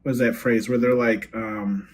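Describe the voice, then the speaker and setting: A man giving a casual tarot reading as host, chatty and quick to laugh, often checking in with "right?" and "okay?". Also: mid-range voice, level tone, a little hiss or hum. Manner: laughs easily, rambles with fillers. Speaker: tarot card reader.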